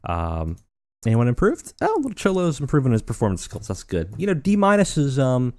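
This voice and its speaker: A man hosting a let's play, narrating and commenting on a wrestling booking game in a relaxed, rambling way full of fillers. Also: medium pitch, fairly quick, no room sound, clean studio sound.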